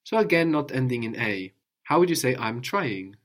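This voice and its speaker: A man's voice: mid-range voice, big pitch swings, normal speed. A man teaching a one-on-one language lesson, patiently drilling with prompts and tag questions.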